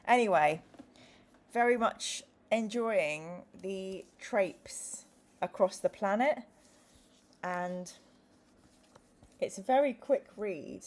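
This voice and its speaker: A woman's voice: medium pitch, takes it slowly, pauses often. A woman hosting a live gaming stream, chatting casually, reading viewer comments aloud and making jokey asides.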